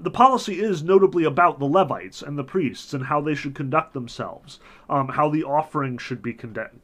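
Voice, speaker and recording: A man's voice: medium pitch, fairly bright tone. A male professor giving an informal lecture, talking casually with lots of "um" and "like" and correcting himself mid-sentence. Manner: casual, frequent "um" and "like" fillers, self-corrects mid-phrase.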